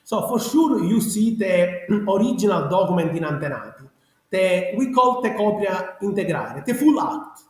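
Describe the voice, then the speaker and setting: A man's voice: sits high, lively intonation, moderate pace. A man with a strong Sicilian accent, Italian native, chatting animatedly as a genealogist guest in broken English. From Sicily, Italy. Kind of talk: casual interview chat. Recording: very echoey room.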